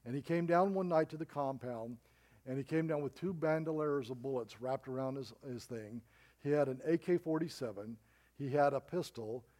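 A man's voice: mid-range voice, a little mellow. A middle-aged man preaching a sermon as pastor, telling a story with emphatic rises and drops.

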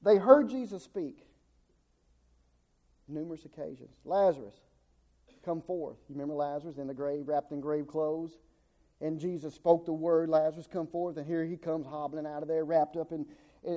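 Folksy preacher man with a high, dark voice. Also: moderate pace. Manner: folksy, repeats words and restarts, acts out quotes. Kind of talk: sermon.

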